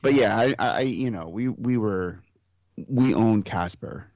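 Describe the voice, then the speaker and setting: A man chatting casually on a podcast, an animated storyteller who acts out other people's voices. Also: on the low side, a little slow, no room sound. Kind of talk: casual chat. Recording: dull, dry sound.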